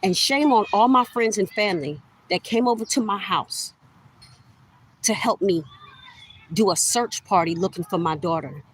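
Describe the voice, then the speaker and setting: A woman's voice: mid-range voice, normal speed, slightly rough, low-quality recording. A middle-aged woman ranting straight to camera in an accusatory, heated way, repeating herself for emphasis and addressing listeners as y'all. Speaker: vlogger. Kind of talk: direct-to-camera rant.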